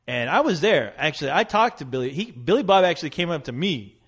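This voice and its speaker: A man's voice: on the high side, quick pace, slightly rough. A man telling a story in a casual podcast chat, laughing often and acting out what others said. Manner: animated storytelling, laughing, acts out quotes. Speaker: co-host.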